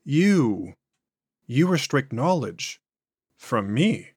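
A man voicing an ancient entity speaking through a possessed man's body, slow, measured and contemptuous. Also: medium pitch, sing-song, a little mellow, husky, no echo, clean studio sound, exaggerated voice. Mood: cold contempt.

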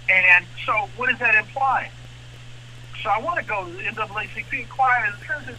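A man co-hosting a radio talk show, speaking with an impassioned manner that climbs into animated outrage. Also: high-pitched, fairly quick, a little hiss or hum, poor audio.

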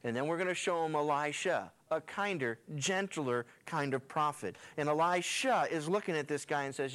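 A man's voice: fairly high pitch, normal speed, few pauses, a bit bright. A male pastor teaching through a Bible passage in a folksy, colloquial storytelling style with slangy asides. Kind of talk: sermon retelling a Bible passage.

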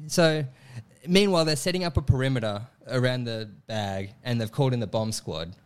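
A man's voice: medium pitch, brisk, smooth. A young man telling a funny personal story in a casual chat, laughing often and acting out what people said. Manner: animated, laughs often, acts out voices in quotes. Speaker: comedian guest telling a story.

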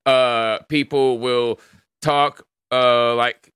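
A man's voice: mid-range voice, fairly even intonation, extremely slow, a bit bright, smooth, no echo, studio quality. A man with an American accent hosting a livestream in casual chat, laid-back and swearing freely as he greets viewers. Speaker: livestream host.

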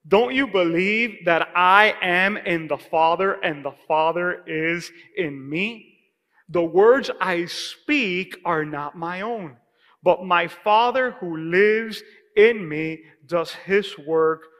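High, bright-voiced preaching man. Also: long reverb tail. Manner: emphatic preaching, calls for congregation response. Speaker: pastor. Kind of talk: sermon. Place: church sanctuary.

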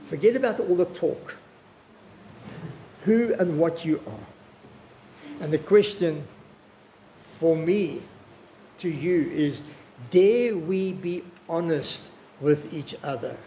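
A man, preaching a sermon in an earnest, personal way and slowing down for emphasis. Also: fairly high pitch, dark tone, a little hiss or hum. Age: 60s.

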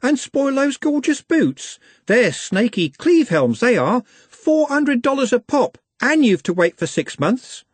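A man's voice: extremely high pitch, sing-song, unhurried, few pauses, husky, no echo, voice pushed up, heavily acted. A man voicing an eager, naive young woman who gushes about food and fashion.

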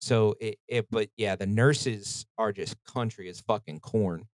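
A man's voice: on the low side, unhurried. A man hosting a podcast, telling rambling stories in casual chat and swearing freely. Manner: profane, rambling storytelling. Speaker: podcast host.

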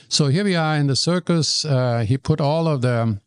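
Animated older man. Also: a little high, measured pace, clear, resonant tone, dry recording, studio quality. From Germany. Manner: animated storyteller, stumbles and repeats words. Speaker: guest. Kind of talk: storytelling in conversation.

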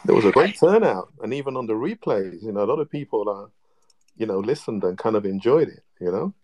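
A man's voice: on the low side, sing-song, darkish tone, highs cut off. Enthusiastic man in a casual chat. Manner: enthusiastic, halting, with many ums and restarts. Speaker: participant in a live audio chat room. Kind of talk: casual online group chat.

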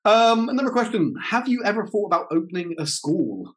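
A man who teaches English, hosting a casual interview and telling lively stories in which he quotes himself. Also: sits high, a little fast, low-quality recording. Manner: animated storyteller, quotes himself in reported speech.

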